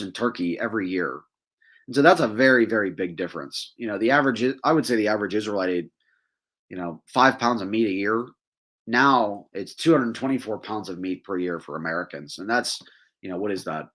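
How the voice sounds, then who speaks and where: Man, low voice, casual host, reads passages aloud, wry asides, chuckles. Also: fairly bright tone. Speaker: podcast host. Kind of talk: casual scripture teaching.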